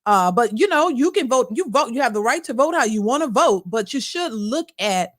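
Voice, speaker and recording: A woman with a somewhat high voice hosts a reaction show and talks through her view in casual commentary. She speaks earnestly, stumbling into restarts and fillers as she goes. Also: expressive, normal speed. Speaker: reaction channel host.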